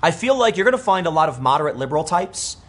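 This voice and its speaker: A man in his thirties giving casual political commentary, animated and rambling, with many restarts and quoted asides. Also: fairly high pitch, fast, breathy edge.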